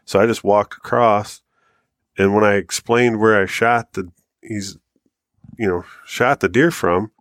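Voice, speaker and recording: A man co-hosting a hunting podcast, telling long stories in a loose, animated way and swearing freely. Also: fairly low pitch, unhurried, no room sound, clean studio sound. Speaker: podcast co-host. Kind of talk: casual storytelling chat.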